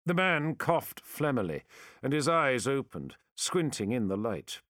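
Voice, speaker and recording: Guy narrating an audiobook, lively up and down pitch, dry close sound. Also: no echo. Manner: dramatic, measured storytelling.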